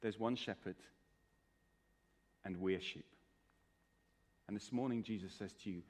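A man preaching a sermon in church, earnest, moving between hushed, quiet lines and raised, emphatic ones. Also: on the low side, a little slow, long pauses. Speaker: pastor. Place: church hall. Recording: reverberant church hall.

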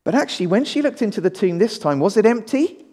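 A middle-aged man, a pastor, giving an animated children's talk in a sermon and often asking the audience questions in a large church hall. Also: high-pitched, quick pace. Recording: long reverb of a large hall.

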